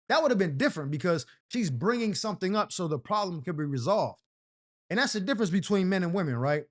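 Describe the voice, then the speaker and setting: A man with a fairly high-pitched voice hosts a comedic advice segment. He reads viewers' letters and riffs on them in animated, slang-heavy storytelling, swinging into playful voices for the people he quotes. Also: fast talker. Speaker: advice show host.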